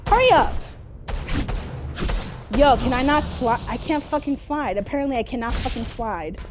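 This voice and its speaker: A woman's voice: on the high side, a little fast, noisy background. A woman giving frustrated gameplay commentary, cursing at the game nonstop. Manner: constant angry cursing at the game. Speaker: gamer.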